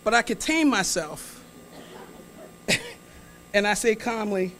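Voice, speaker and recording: A woman's voice: mid-range voice, animated, takes it slowly, a bit bright, a little hiss or hum. A woman telling a comic story from a stage in a large hall, chatting with the audience, teasing them, and acting out the dialogue. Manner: chatty, teases and prompts the audience, acts out dialogue. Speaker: guest speaker telling a story.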